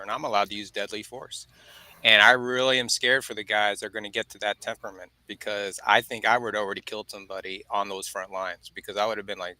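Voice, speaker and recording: A man's voice: fairly low pitch, bright, forceful tone, no echo, poor audio. A man co-hosting a podcast, talking bluntly and heatedly, often breaking off to apologize. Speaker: podcast co-host. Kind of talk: casual podcast chat.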